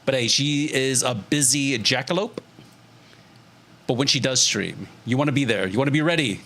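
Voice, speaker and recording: A young man with a mid-range voice talks straight to his chat from his desk mic. He is animated and jokey, laughing often and tossing in casual swears. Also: medium pitch, normal speed. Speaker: streamer. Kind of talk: casual livestream chat to viewers.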